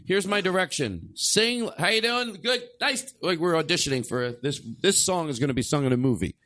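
Animated joking male podcast host. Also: a little high, fairly quick. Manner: rambling, joking, swears freely. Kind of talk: loose comedic banter.

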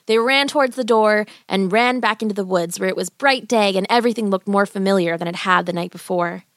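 A woman narrating a fairy tale as a bedtime story, in an expressive, gentle, animated way. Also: mid-range voice, brisk, dry recording, studio quality.

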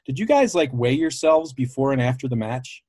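A man's voice: medium pitch, animated, moderate pace, darkish tone, dry recording, clean studio sound. A man hosting a casual interview, asking long, rambling questions in a friendly way. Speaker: podcast host, interviewer.

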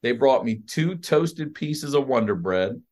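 Male comedian, podcast guest, lively swinging pitch, profane casual storytelling, middle-pitched voice. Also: measured pace. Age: adult with a child. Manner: animated, profane, acts out other people's voices.

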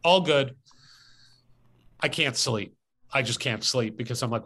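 A man's voice: mid-range voice, moderate pace, pauses often, bright, forceful tone. A man hosting a podcast, telling a casual story outdoors and animatedly acting out his own part. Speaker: podcast host. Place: outdoors as rain starts.

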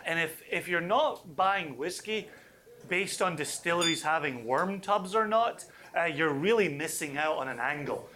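A man leading a whisky tasting for a live audience, chatty and enthusiastic with quick asides. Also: fairly high pitch, lively intonation, bright, forceful tone.

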